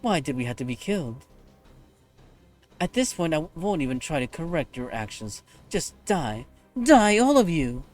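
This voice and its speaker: A man's voice: medium pitch, expressive, normal speed, soft background music, natural voice. A man voicing a scornful, vengeful young female warrior, reading game dialogue aloud with raging threats. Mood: wrathful. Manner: raging, contemptuous, shouting threats.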